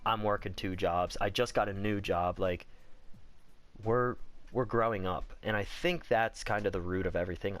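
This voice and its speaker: A man's voice: sits low, fairly bright tone. A young man telling a personal story in a casual vlog, candid and rambling, swearing freely and saying "like" a lot. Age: young adult. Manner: candid, profane, rambling, heavy on "like".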